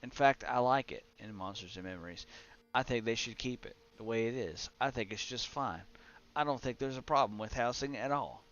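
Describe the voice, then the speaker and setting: A man's voice: mid-range voice, brisk, fairly bright tone. A young man streaming a game, muttering casually to his chat and swearing at the menus. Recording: slightly dull lo-fi stream audio with faint music.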